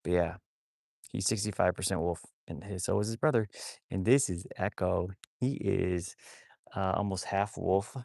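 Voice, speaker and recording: A man's voice: deep voice, moderate pace, vocal fry, a little mellow, no room sound, clean studio sound. A man chatting casually on a phone livestream about his wolfdogs. He rambles, repeats himself and talks to viewers as y'all.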